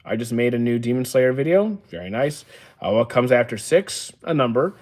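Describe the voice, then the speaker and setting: A man in his thirties, streaming from a room full of stored action figures. He reads chat comments aloud and answers them at a mid pitch, offhand and deadpan, with plenty of "uh" and short dry comebacks. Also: normal speed. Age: 30s. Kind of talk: casual livestream chat, reading and answering viewer comments. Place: indoor room used for storing action figures.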